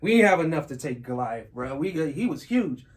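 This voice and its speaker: A man's voice: on the high side, sing-song, a little fast. Slangy man hosting a casual podcast. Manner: laid-back, slangy, laughs while telling stories. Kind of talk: casual chat.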